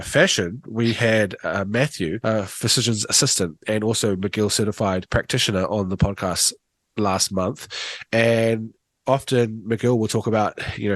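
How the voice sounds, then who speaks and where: Man, podcast host, lowish voice, rambling storyteller, dry close sound. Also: no echo. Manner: rambling, storytelling with many fillers. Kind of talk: casual interview chat.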